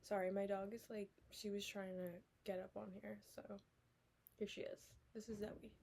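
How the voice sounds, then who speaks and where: A young woman musing aloud in a casual, rambling vlog monologue, sometimes sliding into soft whispers. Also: medium pitch, little pitch movement, normal speed, creaky. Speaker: vlogger. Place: indoors, sitting on the floor.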